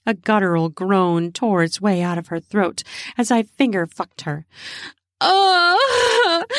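A woman narrating an adult audio story in a slow, intimate reading. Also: mid-range voice, darkish tone, no echo, studio quality.

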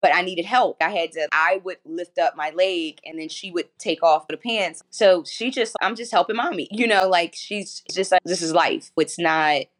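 Woman in her 40s chatting in an interview, open and lively, laughs a lot while telling stories. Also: on the low side, normal speed, hardly any pauses. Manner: candid and animated storyteller, laughing often. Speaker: interview guest. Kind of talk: casual chat.

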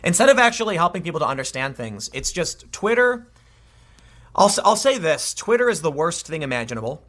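A man's voice: a little high, sing-song, fast talker, a bit bright. A man giving casual political commentary, exasperated and ranting, with frequent restarts.

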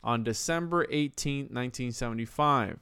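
A man's voice: mid-range voice, normal speed, bright, forceful tone, clear, resonant tone, no room sound, studio quality. A man casually retelling a haunting case on a podcast, loose and profane, with frequent restarts.

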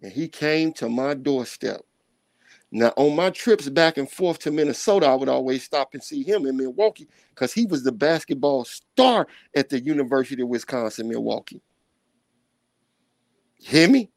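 A middle-aged man telling a personal story on a podcast in animated street slang, sometimes scatting sound effects. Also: mid-range voice, moderate pace, gravelly, dry recording. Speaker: podcast guest. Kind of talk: casual storytelling.

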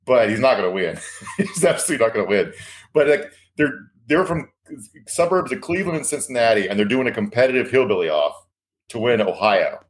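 A man's voice: medium pitch, expressive, a little fast. A man co-hosting a podcast, rambling through stories in an amused way and laughing often. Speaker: podcast co-host. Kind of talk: casual chat.

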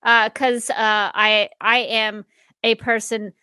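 A woman from the southern United States, co-hosting a casual chat and talking haltingly with lots of "uh" fillers. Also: a little high, little pitch movement, sharp tone, clear, resonant tone, no echo. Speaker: podcast co-host.

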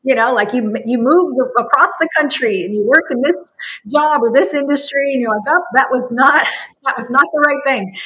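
A woman guest on a Christian podcast, talking in an emphatic, expressive way and laughing often as she speaks. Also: a little high, rough recording. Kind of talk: impassioned faith-based podcast talk.

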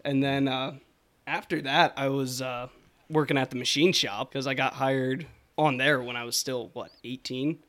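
A man's voice: medium pitch, steady tone, moderate pace, a bit bright. Laid-back rambling man telling stories. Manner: rambling storyteller, laughs often. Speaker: podcast co-host. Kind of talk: casual chat.

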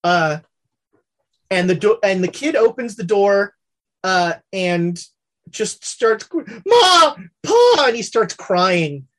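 A woman narrating a tabletop western role-play as game master, halting and full of fillers. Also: medium pitch.

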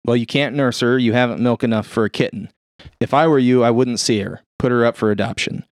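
Guy reading as a cheerful no-nonsense surgeon, smooth voice, dry close sound. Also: mid-range voice, brisk, no room sound, close to an everyday voice. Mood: reassuring. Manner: cheerful, matter-of-fact bedside talk. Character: brisk middle-aged male hospital surgeon.

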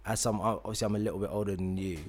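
Male podcast host, London accent, low-pitched, easygoing and rambling. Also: very fast. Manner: relaxed, rambling with many fillers. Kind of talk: casual podcast chat.

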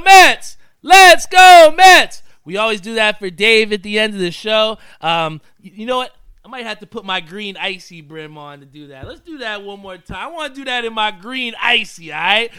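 A laid-back male talk show host with a bright, ringing voice and crisp, clean diction, sitting a touch high for a man. He chats loosely and keeps calling his listeners "man". The sound is dry and close, with no room echo. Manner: laid-back, chatty, says "man" often. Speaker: podcast host. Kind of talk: casual show sign-off with sponsor shout-outs.

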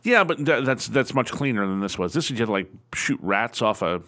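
A man co-hosting a podcast in casual chat, an animated, excitable storyteller. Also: mid-range voice, fairly quick. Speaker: podcast co-host.

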